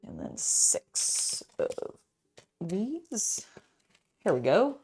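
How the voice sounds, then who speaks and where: A woman's voice: medium pitch, wildly swooping pitch, extremely slow, dark tone, breathy edge, faint music behind. A young adult woman in a casual building vlog, chatting in a rambling way with many fillers and talking to her cat. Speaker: LEGO builder and channel host.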